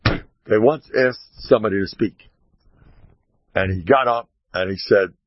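A man's voice: fairly low pitch, measured pace, no echo. A man giving an informal Torah talk as a rabbi, mock-boasting with wry sarcasm, rambling through asides and sprinkling in Hebrew and Yiddish terms. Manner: rambling, self-interrupting asides. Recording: dull lo-fi recording.

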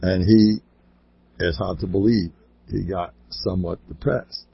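Animated husky man giving a talk. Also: a little slow, no echo. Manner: animated, swooping pitch, sudden quiet drops, laughs between points. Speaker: inspirational speaker. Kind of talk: informal Jewish ethical talk with storytelling. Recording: dull lo-fi dry recording.

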